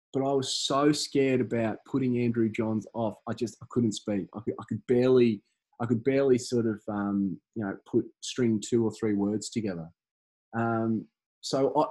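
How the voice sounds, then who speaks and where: In a casual interview, this guest, a campaign organiser and man in his thirties, halts often, restarting and filling pauses. He has a medium-pitched voice that's a little mellow and slightly rough.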